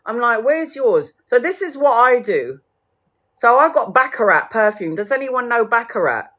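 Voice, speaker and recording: A woman's voice: on the high side, animated, moderate pace, fairly bright tone. A woman, ranting casually to her viewers, swearing freely and laughing often as she acts out what others said. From United Kingdom. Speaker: tarot livestreamer.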